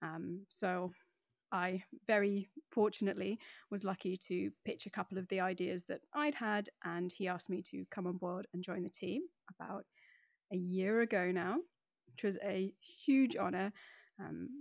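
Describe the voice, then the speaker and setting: A woman's voice: medium pitch, measured pace, gravelly, no room sound. Chatty English woman, dry close mic. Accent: neutral southern English. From Northeast England. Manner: chatty, animated storytelling. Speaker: podcast guest, wine educator. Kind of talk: casual interview chat.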